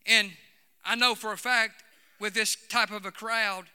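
A man preaching a Pentecostal sermon, fervent and building to shouts, with frequent "uh" between phrases. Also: high-pitched, steady tone, a little slow, clean tone, in a large hall. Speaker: Pentecostal pastor. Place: church sanctuary.

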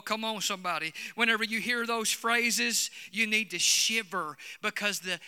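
A man's voice: sits high, pushed and bright, smooth, big-room sound. A man preaching a sermon to his congregation, emphatic, repeating key phrases and calling out to the listeners. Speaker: pastor. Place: church hall.

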